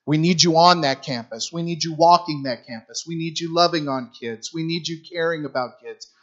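A man's voice: fairly high pitch, normal speed, fairly bright tone, highs cut off. A middle-aged man preaching a sermon in a conversational, storytelling way, repeating phrases for emphasis. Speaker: guest preacher for a youth ministry.

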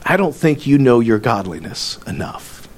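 A male pastor delivers a storytelling sermon in an earnest, conversational manner. His sentences often stop and restart as he works through the story. His voice sits at an ordinary pitch for a man. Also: big pitch swings, normal speed.

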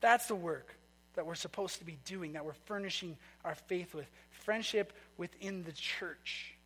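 A man with a high, husky, fairly bright voice preaches at a normal speed, his words echoing with a large hall's long reverb in the church sanctuary. Chatting through a story, he puts questions to the congregation.

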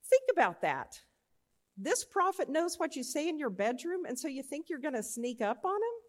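A woman giving a chapel talk, telling a Bible story with animated voices and often checking in with her listeners. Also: sits high, normal speed. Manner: animated, acts out characters in the story. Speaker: chapel speaker.

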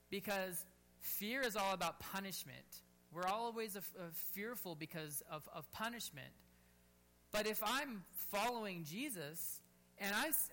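A man preaching a sermon at a church service, fervent and urging, dropping to a quiet, gentle tone to lead prayer. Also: high-pitched. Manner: fervent, rising to near-shouts on bold exhortations, then quiet and gentle in prayer. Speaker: pastor.

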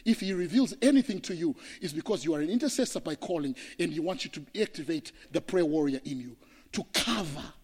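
A man from Zimbabwe, preaching a sermon as pastor, telling stories emphatically and swinging from hushed to loud. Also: a little high, lively intonation, a little fast, husky. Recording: long hall reverb.

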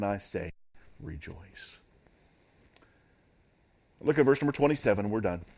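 A man's voice: fairly low pitch, a little mellow. A man preaching a sermon as pastor, in an emphatic, repetitive preaching cadence.

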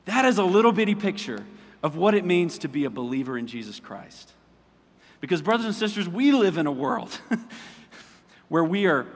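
A man preaching a sermon, moving between impassioned calls and soft storytelling and prayer. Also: on the high side, long reverb tail. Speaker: pastor. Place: church sanctuary.

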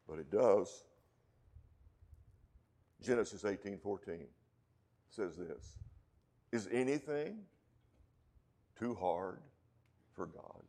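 A man with a West Texas accent preaching a sermon, dropping to hushed low lines and rising to loud, slowed emphatic peaks. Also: expressive. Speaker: pastor.

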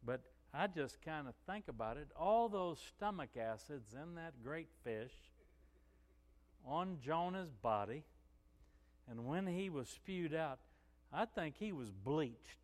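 A man's voice: fairly high pitch, lively intonation, slow, pauses often, a little mellow, big-room sound. A male pastor preaching a sermon in a conversational storytelling way, with frequent "you know" asides.

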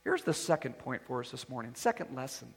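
A pastor preaching a sermon with emphasis, moving between quiet asides and loud declarations. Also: male voice, mid-range voice, big pitch swings, brisk, vocal fry, breathy edge, in a large hall.

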